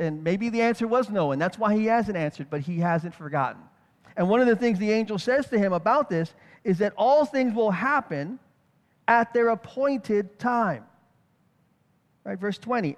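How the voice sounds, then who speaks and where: A man preaching a conversational Bible-teaching sermon. He thinks aloud as he goes, with restarts and rhetorical questions. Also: sits high. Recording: long hall reverb.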